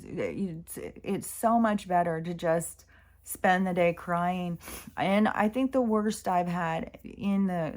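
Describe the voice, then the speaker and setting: A middle-aged woman vlogging about her spiritual healing, talking in an earnest, meandering way with many fillers. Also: fairly low pitch. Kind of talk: rambling personal reflection.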